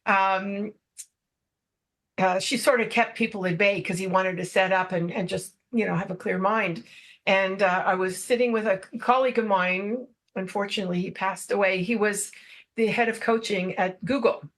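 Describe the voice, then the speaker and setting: A middle-aged woman, a podcast guest, telling personal stories in a casual, animated way. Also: mid-range voice, normal speed. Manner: animated anecdotal storytelling. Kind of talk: casual storytelling.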